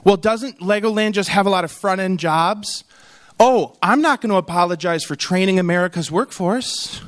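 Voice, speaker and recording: High-voiced and speaking at an ordinary speed, a middle-aged man gives a conference keynote full of humor. He spins lively anecdotes, performing the quoted voices himself.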